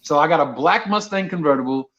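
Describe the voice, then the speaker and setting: A man's voice: fairly high pitch, fast, dull audio. A man from Brooklyn, a comedian telling a story casually and acting out the dialogue. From Brooklyn, New York. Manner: animated storyteller, acts out dialogue. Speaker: comedian guest.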